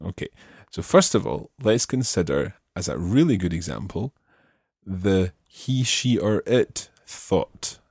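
A man's voice: low-pitched, very animated, unhurried, gravelly, darkish tone, husky, no echo, studio quality. A man teaching a Spanish lesson, patiently explaining step by step and prompting his student. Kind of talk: spoken language lesson.

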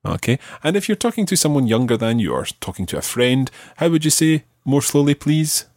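A man hosting a podcast language lesson, patiently prompting a learner and slowing down for example phrases. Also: mid-range voice, big pitch swings, darkish tone, dry recording, clean studio sound. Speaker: language teacher and podcast host.

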